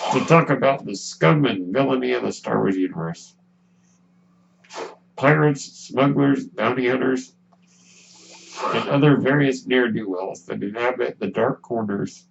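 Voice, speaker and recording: A man hosting his own podcast in a relaxed, musing monologue, speaking with a ventilator that is heard in the background. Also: mid-range voice, creaky. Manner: relaxed, musing, with pauses and restarts. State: breathing with a ventilator. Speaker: podcast host. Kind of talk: casual solo podcast monologue. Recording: dull lo-fi sound with faint hum.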